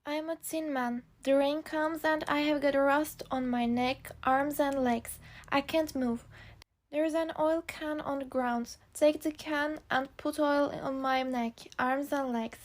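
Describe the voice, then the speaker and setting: A woman reading a gentle rusted tin man. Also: high-pitched, steady tone, measured pace. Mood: plain. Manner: plain, careful reading.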